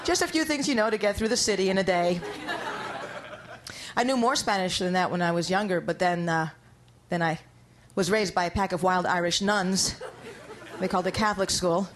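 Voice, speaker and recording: A woman's voice: lowish voice, normal speed, pauses often, background noise. A woman from New York doing a stand-up comedy set on stage. She talks in a wry, conversational way and builds each bit toward a punchline. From New York, USA. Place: comedy stage before an audience.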